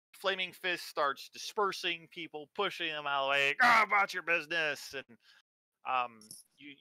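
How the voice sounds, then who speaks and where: A man's voice: mid-range voice, bright, forceful tone, clean tone, dry recording, rough recording. A man acting as game master, casually narrating a tabletop game with frequent filler words.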